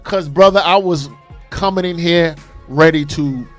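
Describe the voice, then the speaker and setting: A man's voice: on the high side, a little slow, faint music behind. Earnest man co-hosting a call-in show. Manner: earnest, emphatic, says "brother". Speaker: co-host. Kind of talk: casual call-in radio talk.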